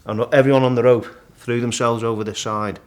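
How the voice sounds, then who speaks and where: A middle-aged man, a guest in a casual interview, vividly retelling his climb and acting out the shouts and thoughts along the way. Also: mid-range voice, fairly quick. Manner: animated storyteller, acts out his own shouts and thoughts. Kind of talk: storytelling in casual conversation.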